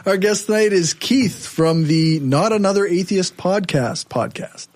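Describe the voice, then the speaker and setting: A man's voice: high voice, unhurried. A man hosting a podcast, introducing the panel and the guest, laughing often. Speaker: podcast host. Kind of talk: casual chat.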